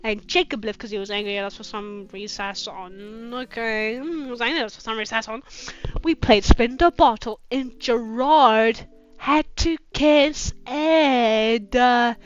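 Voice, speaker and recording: A woman with a slightly high, slightly slow, smooth voice hosts a reading of fanfiction, adding sarcastic, profane commentary and mocking asides. The lo-fi recording sounds dull, with faint music behind her.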